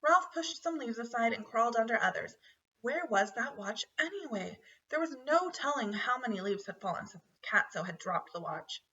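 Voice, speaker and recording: A woman reading a children's book aloud with steady storytelling. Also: on the high side, normal speed. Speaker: narrator. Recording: dull, distant home recording.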